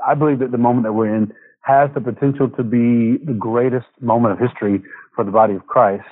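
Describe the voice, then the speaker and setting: A man's voice: mid-range voice, steady tone, fast, dry recording. A male guest in a casual faith conversation, speaking reflectively with many fillers, heard over a phone line.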